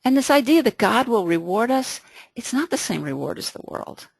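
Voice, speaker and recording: A woman's voice: fairly high pitch, normal speed, gravelly, slightly rough, no echo. Woman, Bible study leader, chatty with restarts, dry close sound. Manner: lively, conversational, frequent restarts. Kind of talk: casual Bible study talk.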